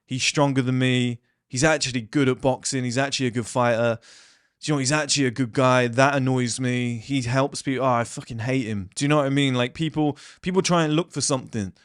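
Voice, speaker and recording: A man's voice: mid-range voice, fairly even intonation, a little fast, smooth, no echo, clean studio sound. A man giving a blunt, rambling casual monologue to camera, swearing freely. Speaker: self-improvement vlogger.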